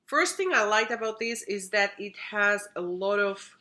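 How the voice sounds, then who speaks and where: A woman's voice: medium pitch, moderate pace, bright, forceful tone. A woman giving a casual, chatty makeup product review at home, often doubling words for emphasis. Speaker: makeup vlogger. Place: home room.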